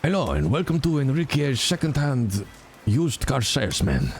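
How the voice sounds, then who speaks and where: Brief: a man doing a boastful, theatrical Spanish-accented bandit boss, lively swoops in pitch, with faint static behind. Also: normal speed. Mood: salesy. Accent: Spanish, put on. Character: flamboyant Spanish-accented male bandit landowner.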